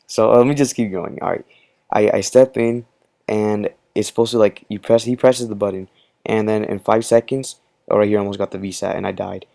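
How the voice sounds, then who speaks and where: Low, gravelly young man rambling a story. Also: mellow, no room sound. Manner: rambling, filler-heavy storytelling. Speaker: channel host. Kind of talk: casual storytelling commentary.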